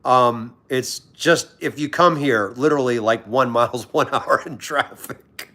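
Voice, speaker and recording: A livestream host from Washington, D.C., sits at home in pajamas, talking a little slowly in a medium-pitched, pushed, bright voice. His chat is friendly and rambling, with viewers greeted by name.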